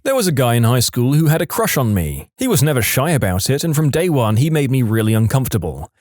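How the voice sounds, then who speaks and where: Animated male storyteller, dry sound. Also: mid-range voice, fast, dry recording. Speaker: story narrator. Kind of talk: reading online stories aloud.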